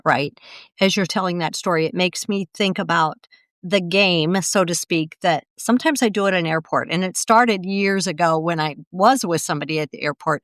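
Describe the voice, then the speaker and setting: Woman podcast co-host, slightly low voice, dry close sound, easygoing. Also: fairly bright tone, dry recording. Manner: supportive listener, short agreeing replies. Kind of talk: casual podcast chat.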